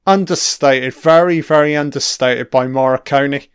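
Slow, profane man doing film commentary. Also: medium pitch, clear, resonant tone, no room sound, studio quality. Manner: profane, enthusiastic, frequent swearing; rambling with trailing-off asides. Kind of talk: casual audio film commentary.

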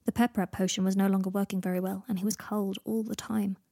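Husky woman reading fan fiction. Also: mid-range voice, flat delivery, quick pace, mellow, no room sound, clean studio sound. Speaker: reader. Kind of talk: fan fiction audiobook narration.

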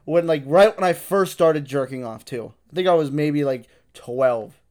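Young male podcast co-host, slightly high voice, swears and rambles through casual stories. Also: moderate pace, a little mellow. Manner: loose, profane storytelling with many fillers. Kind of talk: casual chat.

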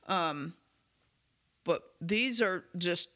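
A man hosting a solo podcast about recovery, talking in an earnest, candid and self-reflective way, his voice slightly hoarse as he clears his throat now and then. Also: high-pitched, lively intonation, very slow, a bit bright. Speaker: podcast host.

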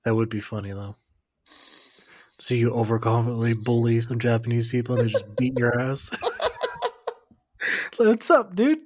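A man's voice: mid-range voice, little pitch movement, a little fast, darkish tone, dry recording. A man co-hosting a podcast in casual chat, joking and teasing, breaking into goofy voices. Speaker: podcast co-host.

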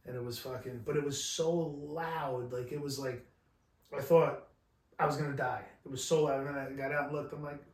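A man's voice: mid-range voice, fairly even intonation. A man co-hosting a podcast, casually recounting stories with loose swearing. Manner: laid-back, profane, quick affirmations. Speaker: podcast co-host. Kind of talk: casual storytelling chat. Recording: roomy, distant mic.

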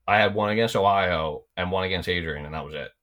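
A young man with a very low, deep voice tells loose, rambling stories, peppering them with "like" and doubling back on his words. He talks as a podcast guest, easygoing and unpolished. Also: fast talker, lo-fi sound. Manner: rambling, repeats words, lots of "like". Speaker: podcast guest, former college backup goalie. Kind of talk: casual storytelling.

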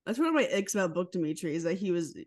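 A woman's voice: on the low side, very animated, racing. A woman from the American Midwest co-hosting a casual podcast chat, joking and wry. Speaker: podcast co-host.

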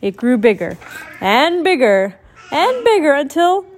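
A woman reading a picture book aloud, expressive and doing sound effects while explaining to a child. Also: high voice, unhurried. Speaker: storybook reader.

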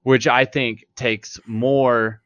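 A man's voice: medium pitch, little pitch movement, drawn-out words, a bit bright, no room sound, highs cut off. A man co-hosting a podcast, arguing his point emphatically in casual chat and swearing freely. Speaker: podcast co-host.

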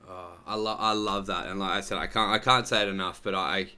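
A man's voice: sits low, steady tone, a little fast, bright, forceful tone, smooth. A man hosting a casual interview, rambling and heartfelt with friendly slang. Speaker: podcast host.

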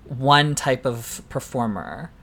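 Animated man co-hosting a casual podcast. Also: mid-range voice, slow, gravelly. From Canada. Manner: animated, swears casually, many likes and you knows. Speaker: podcast co-host, drag queen.

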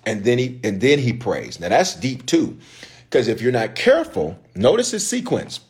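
A man who is a bishop and pastor delivers a sermon in a conversational, slangy way, repeating lines and calling out to the congregation. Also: medium pitch. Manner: repetitive, call-and-response preaching.

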